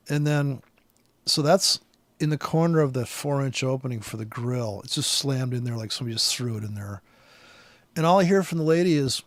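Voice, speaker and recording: A man's voice: mid-range voice, no echo. A man in a rambling, profane vlog rant, angry and restless, full of fillers. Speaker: vlogger.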